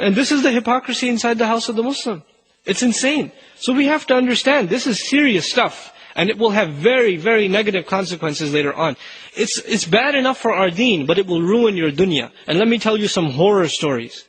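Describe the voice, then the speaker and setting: A man's voice: high voice, expressive, a little fast, fairly bright tone, husky, rough recording. A man giving a religious lecture to an audience, earnest and urgent, pressing warnings with emphasis. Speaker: Islamic speaker.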